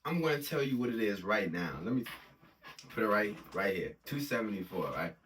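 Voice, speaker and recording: A man's voice: lowish voice, expressive, fairly quick, fairly bright tone, a little hiss or hum. Hyped slang-talking man explaining trades. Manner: hyped slang-heavy hustle talk, explains trades step by step. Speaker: forex trading vlogger. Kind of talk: casual screen-recorded trading vlog.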